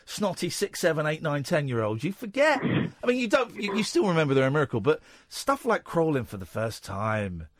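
A man hosting a radio phone-in in the studio, talking in an animated, emotional way. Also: fairly quick, dry recording. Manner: animated, warm and emotional, swings in pitch. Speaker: radio host. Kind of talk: late-night radio phone-in. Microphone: studio microphone.

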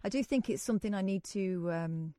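A woman's voice: mid-range voice, fairly quick, warm tone, no echo, clean studio sound. A woman hosting a radio phone-in, chatting with a caller and laughing easily. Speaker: radio host. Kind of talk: late-night phone-in chat. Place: radio studio. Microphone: studio mic.

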